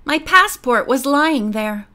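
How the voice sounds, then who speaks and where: An earnest teenage girl detective, read by a woman, high-voiced and urgent. She speaks unhurriedly despite the worry, in a storybook reading. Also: lively intonation, slow pace, pushed and bright, exaggerated voice. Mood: eager.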